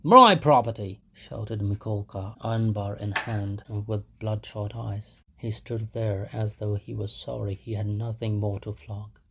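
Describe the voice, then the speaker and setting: Guy reading a novel out loud real slow, kinda deep voice, careful short phrases. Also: completely flat delivery, gravelly, slight background noise. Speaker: reader. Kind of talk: literary audiobook reading.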